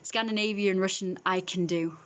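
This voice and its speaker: A woman's voice: medium pitch, fairly even intonation, moderate pace, fairly bright tone. A woman, chatting casually with her viewers in a rambling way, full of fillers and restarts. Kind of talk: casual chat.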